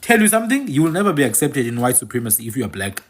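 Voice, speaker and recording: A man's voice: medium pitch, very animated, racing. A man with a South African accent who hosts a channel, giving an opinionated monologue to his viewers and repeating phrases for emphasis. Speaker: channel host and commentator.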